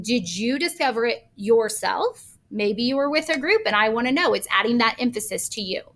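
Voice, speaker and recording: A woman's voice: a little high, vocal fry, a bit bright. A woman teacher recording a grammar lesson, patiently explaining with examples step by step.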